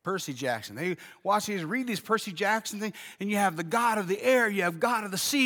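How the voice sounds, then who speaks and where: A man preaching a sermon as pastor, moving between quiet, slow explanation and emphatic, shouted declarations. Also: sits high, expressive, long reverb tail.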